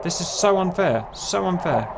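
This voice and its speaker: Excitable male gamer with a higher voice, playful running commentary, recorded over steady background noise. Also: normal speed, creaky. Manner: playful, exclaiming, self-mocking. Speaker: flight sim group member and video host. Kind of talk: joking gameplay banter.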